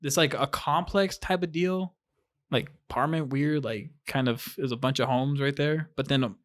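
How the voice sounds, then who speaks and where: A young male podcast co-host chatting casually in slangy, joking speech. His voice has an ordinary middle pitch, and he tosses in quick interjections as he talks. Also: steady tone. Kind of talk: casual chat.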